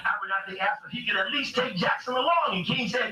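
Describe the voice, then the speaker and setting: Guy lecturing hard, reads quotes aloud, bright sharp voice, kinda far from the mic. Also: brisk, hardly any pauses, roomy sound. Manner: emphatic, rhetorical questions, acts out quotes with rising pitch. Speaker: speaker reading from books to a camera.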